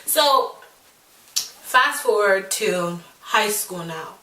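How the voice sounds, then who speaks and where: A woman in her twenties from Nigeria, telling a storytime vlog in a sassy, animated way with lots of fillers. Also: medium pitch, unhurried, far from the mic. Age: 20s. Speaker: vlogger. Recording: echoey room, mic set back.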